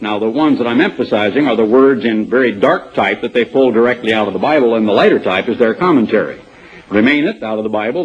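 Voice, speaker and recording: A man's voice: medium pitch, breathy edge. A man preaching a sermon, reading passages aloud from commentaries and commenting on them wryly. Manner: reads quotes aloud then comments wryly. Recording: dull lo-fi recording.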